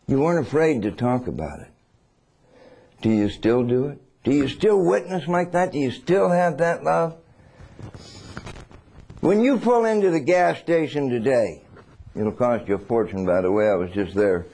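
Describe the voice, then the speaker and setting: A man preaching a sermon. He swings between loud and hushed and acts out little scenes. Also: medium pitch, lively intonation, moderate pace, gravelly, pauses often.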